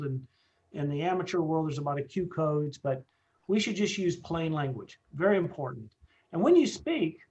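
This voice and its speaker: A middle-aged man teaches a training session, earnest and hammering home his key points through fillers and restarts. His voice sits a little high. The recording is dull and lo-fi. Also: darkish tone. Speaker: CERT radio trainer. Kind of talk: training presentation.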